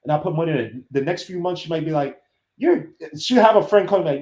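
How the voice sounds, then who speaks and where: High-pitched guy ranting on a podcast, voice jumps all over, echoey room. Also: fast. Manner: animated storytelling, acts out quoted voices. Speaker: podcast host. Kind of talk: casual podcast chat. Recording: roomy echo.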